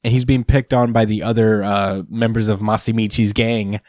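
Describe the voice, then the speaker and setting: A man's voice: on the low side, flat delivery, normal speed, a little mellow, dry recording, clean studio sound. A man hosting a podcast, recapping a comic chapter in casual chat, rambling with many fillers and frequent chuckles. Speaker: podcast host.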